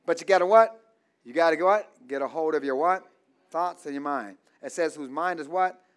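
Male pastor, high-pitched, preaching call-and-response and having the congregation finish his lines. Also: moderate pace, smooth. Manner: asks the congregation to fill in words, repeats lines.

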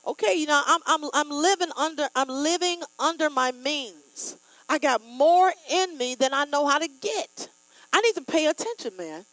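A woman preaching a sermon, leading the congregation in call-and-response and rising to loud, emphatic declarations. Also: high voice, no room sound, low-quality recording.

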